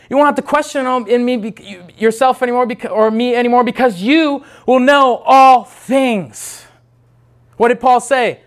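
A man preaches with fervor in a notably high voice. He restarts his phrases again and again and moves between loud, emphatic bursts and quiet, hushed asides. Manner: fervent, with many restarts and swings from loud to hushed. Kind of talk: impassioned sermon.

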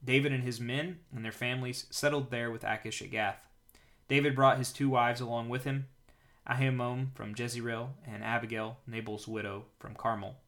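Guy doing a daily bible reading, mid-pitched voice, breaks off to chat about it casually. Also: level tone, normal speed, fairly bright tone. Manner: conversational, paraphrases in casual speech. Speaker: podcast host reading scripture.

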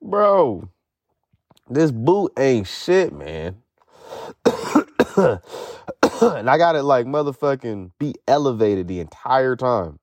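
A man's voice: mid-range voice, very animated, slow pace, pauses often, darkish tone, dry recording, studio quality. A young man hosting a podcast alone, talking casually in a rambling, profane way while in pain from a foot injury. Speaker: podcast host. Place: sitting outdoors at home.

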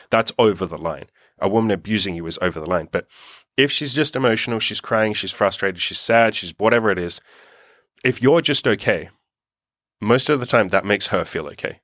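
A man's voice: fairly low pitch, a bit bright, no echo, studio quality. A young man giving casual dating advice as a coach, blunt and swearing freely, thinking aloud with small restarts.

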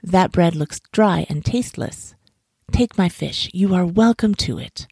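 A woman's voice: on the low side, lively intonation, unhurried, gravelly, a little mellow, breathy edge, no room sound, clean studio sound, full character voice. A woman voicing a greedy, grumbling male monkey who squeals his demands and puts on false politeness. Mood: falsely polite.

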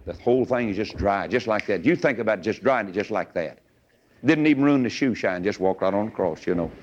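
A man's voice: lowish voice, lively intonation, brisk. A man preaching a sermon in a folksy storytelling way, acting out the voices of the people in his story. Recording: dull lo-fi recording.

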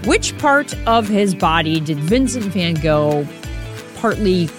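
A woman's voice: fairly low pitch, lively intonation, slow, music in the background. A woman hosting a casual quiz podcast, chatting straight to the listener. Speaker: podcast host.

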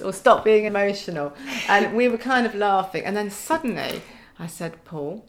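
A woman's voice: medium pitch, fairly quick, few pauses, a little hiss or hum. Wry laughing Englishwoman telling hospital anecdotes. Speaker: podcast guest. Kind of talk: casual storytelling chat.

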